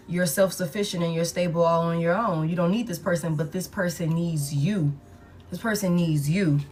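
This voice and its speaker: A woman's voice: fairly low pitch, a little hiss or hum. Blunt, profane woman tarot reader. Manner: blunt, profane, emphatic repetition. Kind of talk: casual collective tarot reading.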